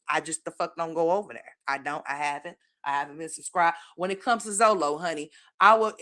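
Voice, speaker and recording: Blunt, rambling woman with a low voice. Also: a bit bright. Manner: blunt, profane, rambling, with many "um"s and "honey"s. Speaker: commentary channel host. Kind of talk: casual opinion commentary.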